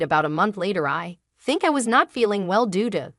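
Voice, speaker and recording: Woman narrating a family drama, lively. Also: medium pitch, a little fast, few pauses, dry recording, clean studio sound. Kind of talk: first-person drama storytelling.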